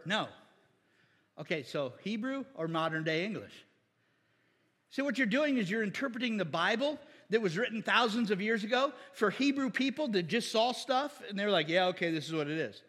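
A man preaches with a high, slightly husky voice. He jokes, fires off rhetorical questions and slips into mock voices. The sound carries the long echo of a church hall. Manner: animated, jokey, acts out mock voices and asks rhetorical questions. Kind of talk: sermon.

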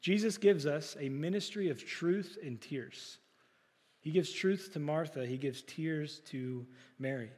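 A man's voice: on the high side, unhurried, darkish tone, long reverb tail. A man preaching a sermon, talking to the congregation in a conversational way with rhetorical questions. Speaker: pastor.

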